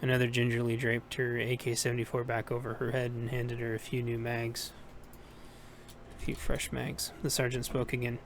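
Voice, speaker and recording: Flat-voiced man reading an audiobook. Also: medium pitch, normal speed, slight background noise. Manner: steady, plain reading with small self-corrections. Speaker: audiobook reader. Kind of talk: audiobook narration.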